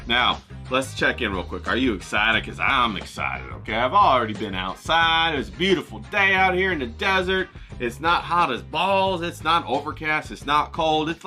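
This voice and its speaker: A man's voice: mid-range voice, bright, forceful tone. A man talking straight to camera in a hyped, rambling vlog. He swears freely and keeps asking his viewers how they are doing. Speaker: vlogger. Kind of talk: casual vlog monologue. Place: outdoors in the desert.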